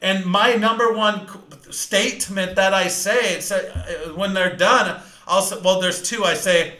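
A man giving a live sales training talk, fast-talking, energetic and emphatic. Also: high voice, roomy sound, rough recording.

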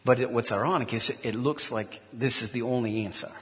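A man's voice: medium pitch, brisk, big-room sound, a little hiss or hum. A man preaching a sermon in church, telling a personal story earnestly, with frequent restarts. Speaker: pastor.

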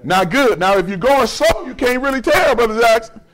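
High-voiced folksy male pastor preaching. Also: animated, normal speed, a bit bright. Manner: conversational, folksy preaching with humor and call-and-response. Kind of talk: sermon.

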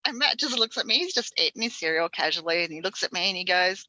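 Bright-voiced woman hosting a chat. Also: lowish voice, lively intonation, quick pace, no room sound. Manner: chatty, laughing, matter-of-fact storyteller. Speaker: podcast host. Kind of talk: casual chat.

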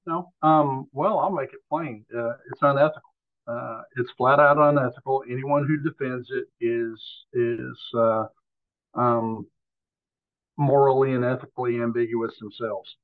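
A man co-hosts a podcast, speaking bluntly and full of opinion, with plenty of "uh" and "um." His average-pitched voice comes through a narrow, phone-like line that sounds thin and tinny. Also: steady tone, a little slow. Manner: blunt, opinionated, frequent fillers. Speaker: podcast co-host. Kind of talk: casual chat.

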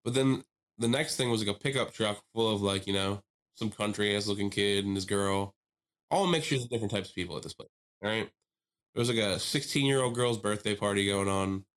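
On a casual podcast, a male co-host with a lowish voice talks a little fast as he spins a long story. He's animated, acting out voices and laughing often.

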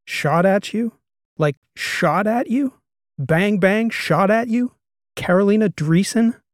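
A man's voice: fairly high pitch, moderate pace, a little mellow, no echo, studio quality, close to an everyday voice. A man voicing an exasperated male historian. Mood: alarmed. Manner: exasperated, demanding questions. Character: agitated male historian, blunt and incredulous.

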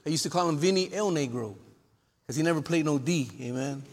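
A man delivers a sermon in a fairly high voice, calling out for witnesses and amens and mixing scripture with jokes. His words ring with a long reverb from the church hall around him. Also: fast talker. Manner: lively preacher with call-and-response and humor. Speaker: pastor. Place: church sanctuary.

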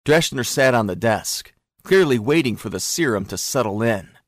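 A man narrating a thriller story in a steady, even storytelling manner. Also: mid-range voice, normal speed, no echo, clean studio sound. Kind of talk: audiobook narration.

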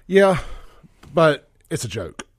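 A man hosting a radio talk show, telling stories in a blunt, animated way. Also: on the high side, slow pace, no echo, studio quality. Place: radio studio.

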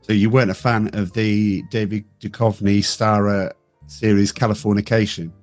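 Man, deeper voice, podcast co-host, wry teasing film chat. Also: level tone, moderate pace, a little mellow, dry recording, soft background music. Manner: teasing, wry, listing facts. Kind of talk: casual film discussion.

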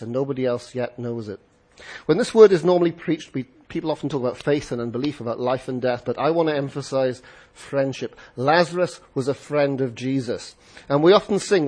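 A man reading a Bible passage aloud and then preaching on it, emphatic and expressive, with rhetorical questions. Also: mid-range voice, husky. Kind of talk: scripture reading and sermon.

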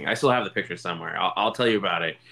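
A man hosting a casual chat, talking in an animated way with many quick restarts. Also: low voice, creaky. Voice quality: animated, stammering restarts, lively storyteller. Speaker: podcast host.

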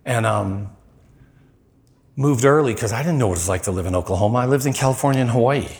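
A man's voice: medium pitch, quick pace, darkish tone. A middle-aged man preaching a storytelling sermon in a conversational way, acting out the voices in his story.

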